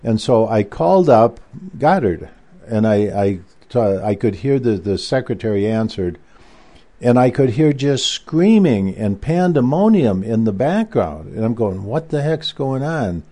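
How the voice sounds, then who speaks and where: A man's voice: fairly low pitch, sing-song, a little slow, mellow. A male guest author telling a long story in a rambling way, with frequent restarts and asides. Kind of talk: conversational recounting.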